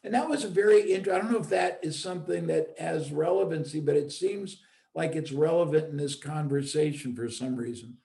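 Speaking fairly quickly in a voice on the high side, creaky and dark in tone, a middle-aged man reflects casually and repeats himself for emphasis. He owns a business and formerly led seminars, and the recording has a roomy echo.

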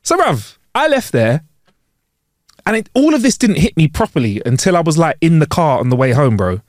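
A man's voice: on the high side, normal speed, no echo, clean studio sound. A man co-hosting a podcast in casual chat, acting out dialogue as he tells stories and laughing often. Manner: animated storytelling, acts out dialogue, laughs often. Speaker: podcast co-host.

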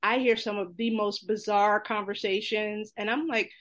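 With a medium-pitched voice, a woman from New York shares funny anecdotes in relaxed talk. She's quick and lively, breaking into laughter and acting out what other people said.

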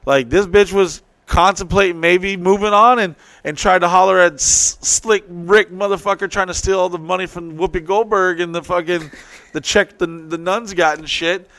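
A man's voice: high-pitched, fairly even intonation, normal speed, a bit bright, dry recording. A man on a podcast telling a rambling, profane story in casual banter. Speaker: podcast co-host.

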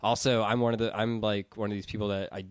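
Young male podcast founder, smooth resonant voice, loose filler-heavy rambling. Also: fairly low pitch, flat delivery, fast, no echo, clean studio sound. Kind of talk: casual podcast chat.

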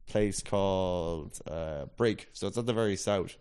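A man's voice: deep voice, unhurried, darkish tone, clean tone. A man co-hosting a podcast in a rambling, hesitant way, full of restarts. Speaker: podcast co-host. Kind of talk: casual chat.

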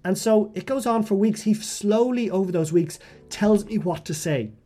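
A man's voice: high voice, moderate pace, warm tone, faint music behind. An Irish man, a writer guest, telling a vivid, self-mocking story in conversation and often restarting his phrases.

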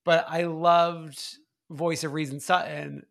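A man's voice: fairly high pitch, level tone, takes it slowly, gravelly, a bit bright. A man co-hosting a podcast in casual chat, laughing often as he tells stories with animation. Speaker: podcast co-host. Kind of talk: casual chat recapping a reality show.

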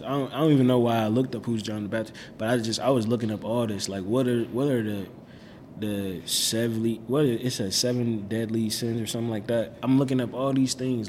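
A man's voice: medium pitch, fairly even intonation, normal speed, a little hiss or hum. A young man tells his story in a loose, slangy way, leaning on "like" and "bro". His voice sits in a middle register. The sound carries a long reverb with faint ambience behind it. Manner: slangy, laid-back, lots of "like" and "bro". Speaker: guest telling his faith story. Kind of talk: casual storytelling.

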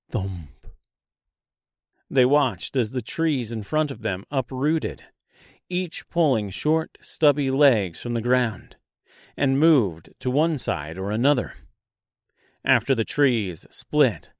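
Slow, measured male audiobook narrator. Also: medium pitch, dry recording, clean studio sound. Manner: measured, unhurried storytelling. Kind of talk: dark fantasy audiobook narration.

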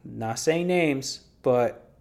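A man's voice: mid-range voice, drawn-out words, vocal fry, darkish tone. A man hosting a solo podcast, giving blunt, profane, rambling opinions in casual talk. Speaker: podcast host.

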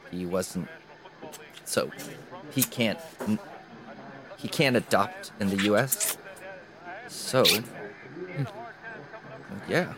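A man playing a wary, stammering office worker. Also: on the low side. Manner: hesitant, stammering, guarded. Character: nervous young male office worker, defensive and wary. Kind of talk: film drama dialogue.

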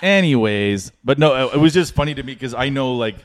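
A man's voice: mid-range voice, lively intonation, a little fast, very noisy. A young adult man and comedian co-hosting a podcast, telling rambling comedic stories with lots of fillers and restarts. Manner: rambling anecdotes full of "like" and restarts. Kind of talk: casual comedic storytelling.

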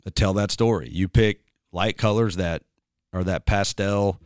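Rambling worship pastor, smooth low voice. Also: male voice, fairly even intonation, measured pace, no echo, studio quality. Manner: rambling, filler-heavy, breaks into singing snippets. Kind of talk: casual chat.

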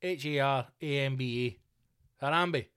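A man hosting a podcast, telling stories in a profane, animated comic rant full of mock outrage. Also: mid-range voice, measured pace, clear, resonant tone. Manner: swears constantly, mock outrage. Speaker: podcast host. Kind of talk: comedic rant.

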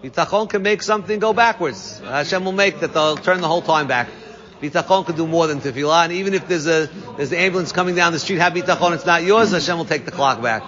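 A man teaching a Talmud class, reading Aramaic phrases and translating each one with quick asides. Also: a little high, a bit bright. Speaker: Torah teacher. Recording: dull sound with long reverb.

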